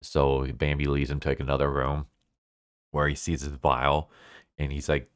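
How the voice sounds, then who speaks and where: A man with a very deep, smooth voice retells a comic's plot in a relaxed, chuckling way. He talks loosely, with plenty of filler words. The recording is dry and close. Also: moderate pace, dry recording. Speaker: comic book reviewer. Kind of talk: casual review recap.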